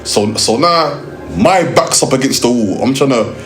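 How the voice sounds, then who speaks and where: A young man with a London accent tells a lively, slang-heavy story from his work filming music videos. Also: medium pitch, moderate pace, roomy sound. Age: young adult. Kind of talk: storytelling interview.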